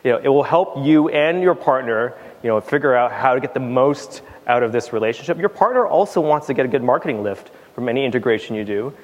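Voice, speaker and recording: A man's voice: mid-range voice, animated, fast, hardly any pauses, muffled recording. Emphatic man speaking in a reverberant hall. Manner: emphatic, repeats words for stress; casual with fillers and restarts. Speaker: conference speaker. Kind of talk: conference talk. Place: conference hall stage.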